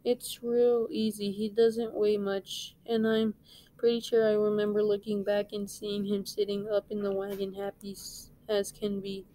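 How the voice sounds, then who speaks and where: A reading teacher reads a novel aloud, plainly and without hurry, making small slips along the way. Her mid-range voice is mellow and level in tone, though the audio quality is poor.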